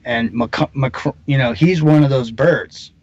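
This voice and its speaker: A man's voice: medium pitch, a little slow, darkish tone, dry recording. Guy guesting on a talk show, kinda muffled dry line, rambles a lot, lots of you know and um. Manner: rambling, many fillers and restarts. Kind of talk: casual conversation.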